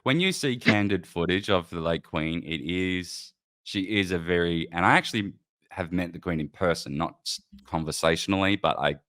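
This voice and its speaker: Male podcast host, very low voice, loose and giggly, swears freely. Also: normal speed, fairly bright tone, no echo, clean studio sound. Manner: laughing, swearing, rambling. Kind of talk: casual chat.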